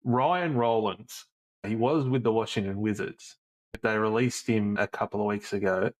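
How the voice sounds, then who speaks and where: A man's voice: fairly low pitch, moderate pace. Easygoing man co-hosting a podcast. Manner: easygoing, explains at length. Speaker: podcast co-host. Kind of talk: casual chat.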